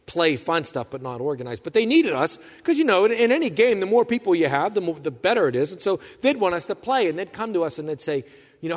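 A male pastor gives a sermon in a conversational, storytelling way. His voice sits a bit high, and he drops into the voices of the people he quotes. The sound carries a long reverb, as if from a large hall. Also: big pitch swings, fast.

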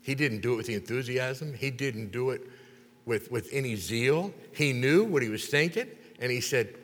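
Guy preaching a sermon, storytelling and doing all the voices, big echoey hall, mid-pitched. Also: normal speed. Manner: animated storyteller acting out the characters. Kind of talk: sermon retelling a Bible story. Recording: long reverb of a large hall.

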